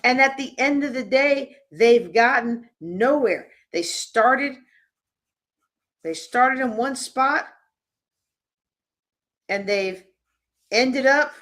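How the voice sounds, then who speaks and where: This high-pitched woman is presenting a conference workshop live, speaking to her listeners in a bright, informal manner.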